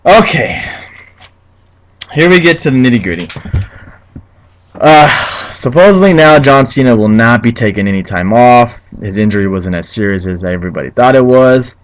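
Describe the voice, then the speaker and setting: A young man talking casually into his own recording, running through a wrestling show and swearing freely as he goes. His voice sits at an ordinary middle pitch. He gets worked up and ranting, trips over his words and starts again. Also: expressive, moderate pace, pauses often, slight background noise, low-quality recording. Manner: profane, ranting, easily heated. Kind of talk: casual solo review.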